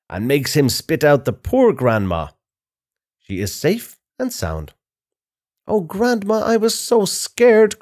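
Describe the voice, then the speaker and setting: A man reads a children's fairy tale aloud, slowly and clearly. His pitch rises and falls a great deal as he paints each moment. It suits a bedtime listening pace. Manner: slow, expressive storytelling. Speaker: narrator. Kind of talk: children's story reading.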